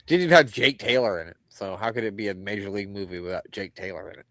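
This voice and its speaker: A man's voice: fairly low pitch, fast, few pauses, fairly bright tone, no room sound. A man co-hosting a wrestling podcast in casual chat, loose and profane, laughing often. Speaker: podcast co-host.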